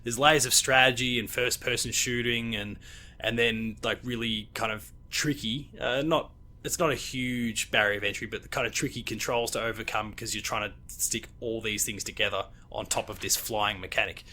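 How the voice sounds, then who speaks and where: A man's voice: mid-range voice, fairly even intonation, normal speed, pushed and bright, a little hiss or hum. An Australian man hosting a casual gaming podcast, rambling with lots of fillers and restarts. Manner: rambling, hesitant with many fillers. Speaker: podcast host. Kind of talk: casual chat.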